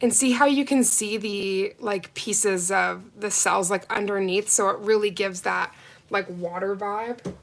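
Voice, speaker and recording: A woman's voice: medium pitch, measured pace, creaky. A woman hosting a live nail art unboxing, gushing and chatting with her viewers. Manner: gushing, excitable, chats with viewers. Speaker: nail art livestream host. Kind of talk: casual live unboxing chat.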